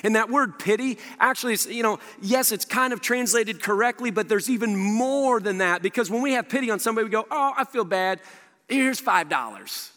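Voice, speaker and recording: A man preaching a sermon, animated, often acting out what the people in the story say. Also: high-pitched, fast, hardly any pauses. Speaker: pastor. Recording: reverberant hall.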